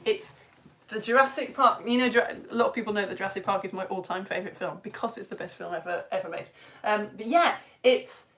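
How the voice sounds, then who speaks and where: A young British science teacher hosts a live science lesson for children, speaking fast in a mid-range, somewhat bright voice. She's bubbly, reading out viewers' comments and greeting them by name.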